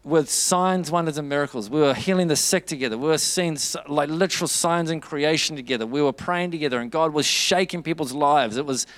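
A man's voice: on the high side, brisk, few pauses, a bit bright. A man preaching a sermon, telling a story with quoted dialogue and building to fervent urging.

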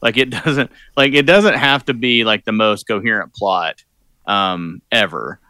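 Bright-toned man musing haltingly. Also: on the low side, no echo. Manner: halting, restarts, wry. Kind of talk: casual movie chat.

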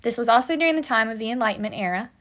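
A chatty young American woman hosts a history podcast, talking in a casual, joking way with plenty of playful asides. Her voice sits a little higher than most. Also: animated, racing, a bit bright. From United States. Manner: chatty, joking asides, southern-tinged "y'all". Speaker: podcast host.

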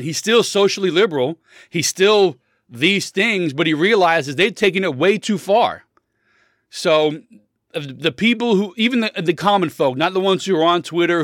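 A man's voice: a little high, fairly bright tone, dry recording, clean studio sound. A man in his thirties talking politics in a blunt, opinionated, rambling monologue, full of restarts.

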